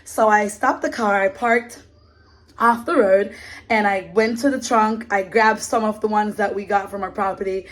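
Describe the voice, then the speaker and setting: A woman's voice: mid-range voice, steady tone, moderate pace. A woman telling a story in a casual vlog, in an indignant, emphatic way. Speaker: vlogger.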